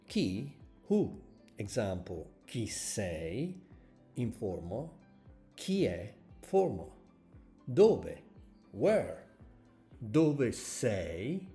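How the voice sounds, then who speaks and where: Slow, mellow-voiced male language teacher. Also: low voice. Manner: careful instructor, lifts his voice on example questions. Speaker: Italian teacher. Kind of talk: recorded language lesson.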